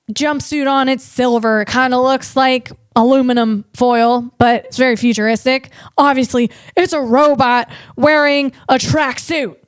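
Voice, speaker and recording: Loud, animated female comic host with a high pitch, doing playful tech riffs. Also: clean tone, dry recording, studio quality. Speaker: comedian and podcast host. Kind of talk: comedic tech commentary.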